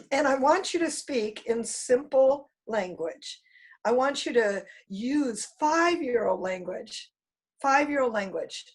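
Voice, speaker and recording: A woman speaking on a video call in a husky, slightly breathy voice that sits a bit high. She coaches with upbeat energy, talking to an online group in a lively, encouraging way. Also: rough recording. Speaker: guest speaker on publicity. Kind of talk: online talk to a business group.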